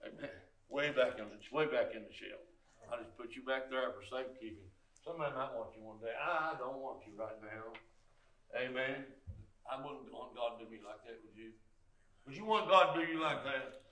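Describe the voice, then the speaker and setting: An older man preaching a sermon as pastor, in a folksy way, peppered with "amen" and swinging from quiet talk to loud exhortation. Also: medium pitch, moderate pace, echoey room, recorded from a distance, low-quality recording. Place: church sanctuary.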